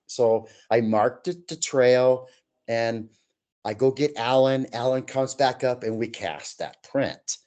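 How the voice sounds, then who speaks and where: Animated man telling campfire-style tales. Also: mid-range voice, slow. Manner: animated, acts out quoted voices. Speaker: guest storyteller. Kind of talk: telling personal paranormal stories.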